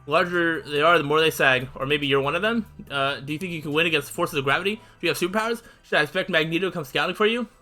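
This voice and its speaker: A man's voice: a little high, very fast, hardly any pauses, pushed and bright, faint music behind. A man voicing a brash, cruel, playful teenage girl while reading a visual novel aloud, in a teasing, rambling way. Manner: teasing, rambling, mock-cheerful.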